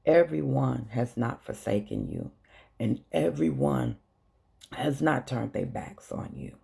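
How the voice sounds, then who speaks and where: Woman, Chicago accent, middle-aged, dark mellow tone, husky, blunt vlog monologue. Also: rumbling low, lively intonation. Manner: slow, earnest and blunt, with profanity. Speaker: vlogger. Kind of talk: emotional direct-to-camera monologue.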